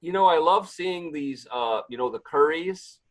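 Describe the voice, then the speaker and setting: A man's voice: fairly high pitch, animated, normal speed, rough recording. A man guesting on a podcast, talking casually and rambling, often trailing off while he searches for names. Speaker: guest, pizzeria owner and pizza competition emcee.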